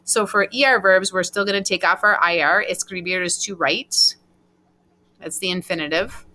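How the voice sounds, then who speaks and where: A woman's voice: lowish voice, moderate pace, bright, forceful tone. A woman teacher giving a recorded Spanish class, patiently explaining verb endings step by step and spelling them out letter by letter.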